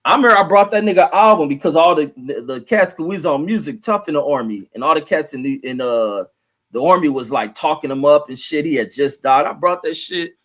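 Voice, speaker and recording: A man's voice: a little high, lively intonation, brisk, a bit bright. A middle-aged man hosting a casual livestream, rambling loosely and profanely while he reads viewer comments aloud and reacts to them. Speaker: livestream host reading chat.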